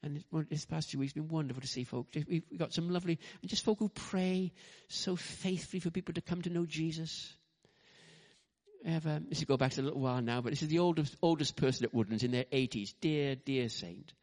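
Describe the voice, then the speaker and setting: Male preacher, fairly high voice, lively sermon delivery with asides and restarts. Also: a little fast. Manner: animated, acts out quotes, frequent "you know" and restarts. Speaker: pastor.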